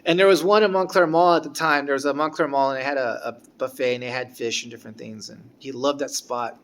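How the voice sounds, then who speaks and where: A man telling a casual personal story about a former guitar teacher, halting and restarting as he goes. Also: mid-range voice, fairly even intonation, a bit bright. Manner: rambling, halting, with frequent restarts.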